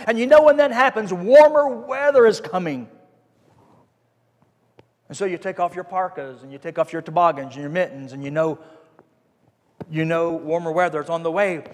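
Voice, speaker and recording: A pastor delivers a sermon in a high-pitched voice. He is folksy and emphatic and repeats his phrases for emphasis. Long reverb from the church hall trails after each phrase. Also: normal speed.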